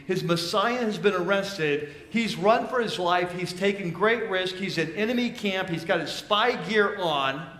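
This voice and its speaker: A man's voice: sits high, fairly bright tone, echoey room. A male pastor preaching a sermon in a casual, storytelling way in a church.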